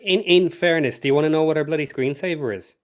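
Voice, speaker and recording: A man's voice: fairly high pitch, fast talker. A man on a casual podcast panel, telling a personal story and laughing easily. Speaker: podcast guest. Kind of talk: casual live podcast banter.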